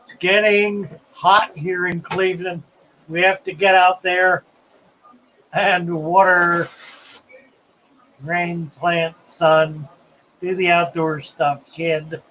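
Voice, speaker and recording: A man's voice: sits high, flat delivery, slow, pauses often, bright, forceful tone, lo-fi sound, a little hiss or hum. A man hosting a live stream in a casual, chatty way, reading viewer comments aloud and musing as he goes.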